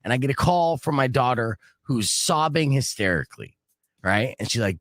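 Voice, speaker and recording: A middle-aged man from Arizona hosting a radio show, telling a long story in a casual, animated way and acting out what people said. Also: medium pitch, normal speed, no room sound. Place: radio studio.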